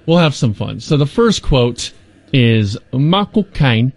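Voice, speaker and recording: A man hosting a casual chat game, explaining the rules at length in a relaxed way. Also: mid-range voice, slow pace, no echo. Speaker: game host.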